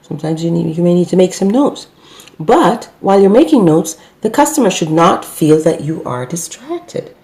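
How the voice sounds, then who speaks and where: A woman's voice: fairly low pitch, animated, moderate pace, darkish tone. A middle-aged woman and business owner, teaching customer service in an unscripted talk, hesitant with many fillers and self-corrections.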